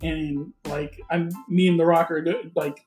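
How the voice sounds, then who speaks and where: A man's voice: a little high, flat delivery, a little slow, a little mellow, echoey room, faint music behind. A man co-hosting a podcast in a rambling, casual chat, laughing often. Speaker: podcast co-host.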